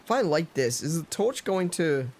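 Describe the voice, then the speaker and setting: A man's voice: a little high, big pitch swings, moderate pace. A man casually commenting as he plays a video game, musing aloud and correcting himself as he goes. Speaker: let's play host.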